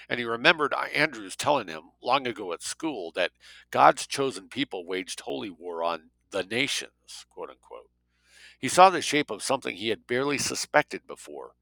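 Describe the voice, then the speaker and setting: A man narrating an audiobook in a measured way, recorded close and dry. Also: sing-song, gravelly, bright, forceful tone, dry recording, poor audio. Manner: measured, dropping low for tags. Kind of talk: scripted narration.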